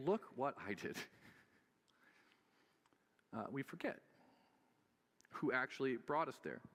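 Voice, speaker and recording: A man's voice: mid-range voice, sharp tone, big-room sound. A man preaching a sermon as pastor, conversational and joking, with frequent filler sounds.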